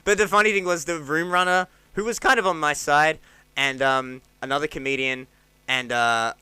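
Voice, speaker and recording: Australian comic, 30s, rambling and animated, crisp sound, dry close mic. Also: male voice, moderate pace, no echo. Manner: rambling, animated, acts out quotes with jumps in pitch. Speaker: stand-up comedian, podcast guest. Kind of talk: casual storytelling chat.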